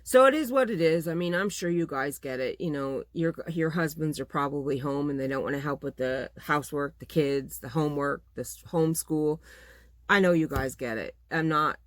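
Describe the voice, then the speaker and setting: A woman's voice: low-pitched, normal speed, no room sound. A middle-aged woman chatting casually to her viewers, venting in an exasperated, talkative way about running her small business. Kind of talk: casual chat to camera.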